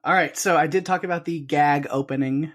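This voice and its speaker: Animated male podcast co-host. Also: fairly high pitch. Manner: animated retelling with quick quoted lines. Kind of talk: casual chat.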